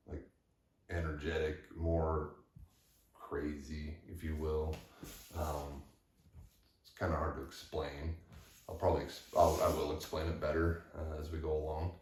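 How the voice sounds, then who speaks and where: A man telling a personal story to the camera in a candid, halting way with frequent restarts. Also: rumbling low, a little mellow. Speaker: vlogger. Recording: echoey room, far from mic.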